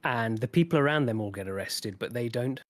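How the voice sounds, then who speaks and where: A man's voice: medium pitch, fairly quick. A man in casual podcast chat, easygoing and a little hesitant, with dry jokes. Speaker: podcast co-host.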